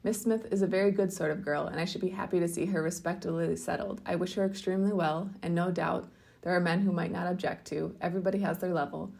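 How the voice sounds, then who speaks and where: A conceited young clergyman from a classic storybook, pressing his suit with effusive, pompous declarations. A woman reads him in a low voice with a gravelly edge. His manner is eager and self-assured. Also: fairly even intonation, quick pace, darkish tone. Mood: ardent.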